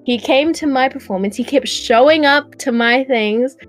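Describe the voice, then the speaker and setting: A woman's voice: sits high, normal speed, soft background music. A young adult woman, earnestly telling a personal story in casual chat, with lots of "like". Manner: earnest storytelling, heavy use of "like".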